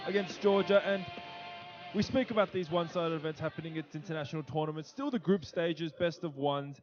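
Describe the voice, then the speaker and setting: A man's voice: on the high side, fairly quick, lo-fi sound, soft background music. A man commentating an esports match, chatty and joking with his co-caster. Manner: chatty, jokey banter with co-caster. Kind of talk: casual play-by-play commentary.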